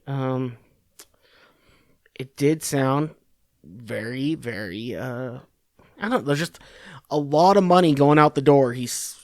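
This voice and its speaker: A man's voice: medium pitch, takes it slowly, long pauses, a little mellow, no room sound, studio quality. A man hosting a podcast, giving casual political commentary in a rambling, sarcastic, profane way. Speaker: podcast host.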